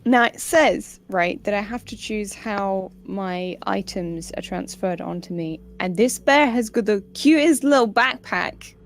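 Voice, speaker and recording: A woman's voice: mid-range voice, creaky, slight background noise. A young woman playing in a tabletop game, chatting playfully and animatedly. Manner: playful, animated, quick to laugh. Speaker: player. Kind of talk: casual tabletop game chat.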